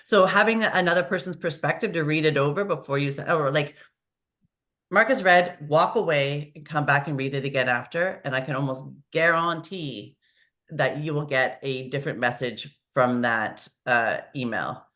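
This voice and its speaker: A woman talking as a podcast guest, lively and acting out the dialogue she quotes. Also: low voice, moderate pace. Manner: animated, acts out quoted dialogue. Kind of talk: conversational interview. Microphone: video call.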